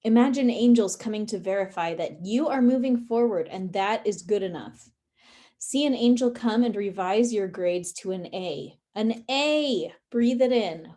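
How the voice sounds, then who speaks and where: Calm woman leading a guided tapping session. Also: mid-range voice, normal speed. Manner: calm, instructive, with some fillers. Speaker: guided emotional release session leader. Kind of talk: guided tapping and breathing meditation.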